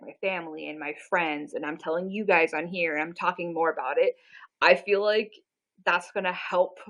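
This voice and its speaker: A woman's voice: fairly low pitch, poor audio. Chatty self-deprecating young woman streaming. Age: 20s. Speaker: livestreamer. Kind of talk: casual live-stream chat.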